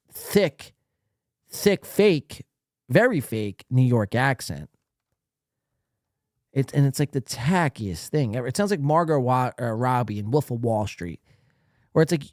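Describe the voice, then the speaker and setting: A man's voice: medium pitch, a little mellow, dry recording, clean studio sound. A man hosting a live stream podcast, ranting casually in a blunt, profane, rambling way.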